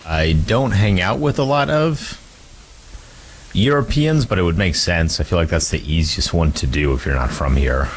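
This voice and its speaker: Low-voiced man, lively pitch. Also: a little hiss or hum. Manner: measured, earnest, hedging. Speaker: podcast co-host. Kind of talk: casual chat.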